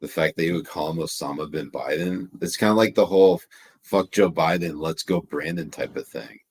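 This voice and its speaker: Man, co-host, deep voice, husky, rants and swears, casual political commentary. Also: fairly quick.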